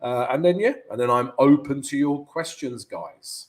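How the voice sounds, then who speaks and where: A man's voice: medium pitch, normal speed. A man from the UK with a London accent hosts a live forex stream. He answers viewers' questions in a chatty way and keeps calling them "guys". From United Kingdom. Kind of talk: live market analysis and viewer Q&A.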